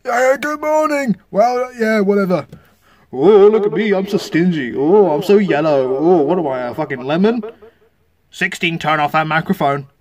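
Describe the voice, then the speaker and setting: A man's voice: sits high, normal speed, hardly any pauses, distant mic, a crowd in the background, natural voice. A man voicing a crude, mocking male toy engine in a sneering way.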